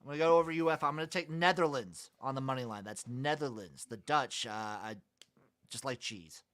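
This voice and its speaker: A man co-hosting a casual sports betting podcast, listing his picks with dry, deadpan jokes. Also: mid-range voice, fairly quick. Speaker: podcast co-host.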